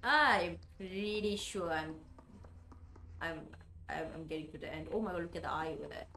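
A woman giving let's play commentary on a horror game, swearing often and reacting out loud to what happens on screen. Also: fairly low pitch, normal speed. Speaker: gamer playing a horror game. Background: game music.

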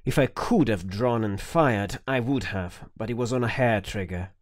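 A man's voice: lowish voice, normal speed, no room sound, studio quality. A man narrating an audiobook, reading tense, dramatic scenes.

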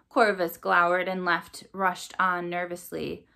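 A woman's voice: fairly low pitch, normal speed, a bit bright. Woman reading a novel aloud. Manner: friendly, chatty outro with questions to listeners. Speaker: storybook reader.

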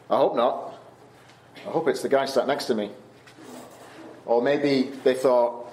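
A man gives a Bible talk to teenagers at camp, in an easy conversational way with fillers and restarts. His voice sits at a middle pitch. The room around him is echoey. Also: steady tone, moderate pace, pauses often, a little mellow, slight background noise. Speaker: camp speaker. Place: Canada.

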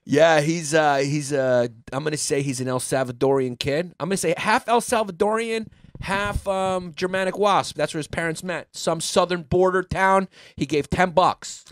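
A man co-hosting a comedy podcast, riffing crudely on listener names with mocking, loud delivery. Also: a little high, normal speed, dry recording. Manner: crude, mocking, slips into put-on voices. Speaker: podcast co-host.

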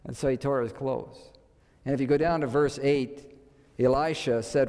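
Conversational preacher in a reverberant church. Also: male voice, medium pitch, steady tone, moderate pace, darkish tone. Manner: conversational, asks rhetorical questions. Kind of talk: sermon. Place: church sanctuary. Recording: long hall reverb.

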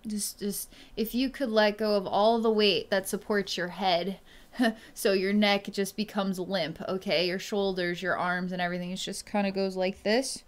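A woman speaking as a psychic energy healer in a solo reading, talking slowly and softly with many pauses and fillers. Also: medium pitch, fairly even intonation. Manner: slow, hesitant speech with many pauses and fillers; soft and quiet when tuned in. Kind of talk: solo reading monologue to camera.

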